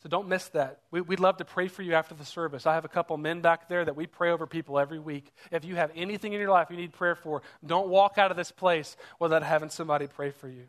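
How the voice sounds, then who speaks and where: A man's voice: fairly high pitch, fast, hardly any pauses, fairly bright tone. A man preaching a sermon as pastor, earnest and urging, repeating rhetorical questions to the congregation.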